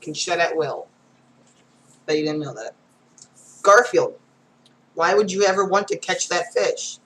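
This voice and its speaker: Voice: medium pitch, animated, unhurried, fairly bright tone, low-quality recording. A reader going through comic strips aloud, reading every panel and sound effect, with casual asides.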